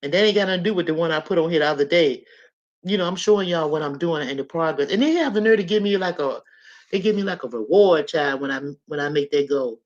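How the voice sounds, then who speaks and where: A woman in her sixties hosting a live stream, talking casually and straight to her viewers, animated and often laughing. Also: low voice, fast talker, lo-fi sound. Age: 60s.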